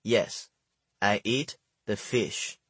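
A man voicing his younger self as a confused immigrant boy with a thick Chinese accent, speaking slowly and haltingly. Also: on the low side, steady tone, a bit bright, slightly rough, no echo, voice pushed down, heavily acted. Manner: slow, halting. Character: newly arrived immigrant teen boy, confused.

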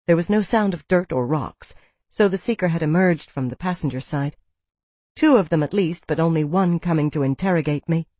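An audiobook narrator reading a first-person novel in a measured, even storytelling manner on a close studio mic. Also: mid-range voice, dry recording.

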